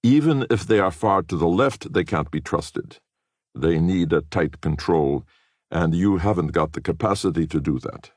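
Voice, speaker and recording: A man's voice: deep voice, expressive, normal speed, a little mellow, no room sound, studio quality. A man voicing a stern male spymaster who gives firm instructions. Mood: warning. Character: stern male spymaster Misha giving warnings.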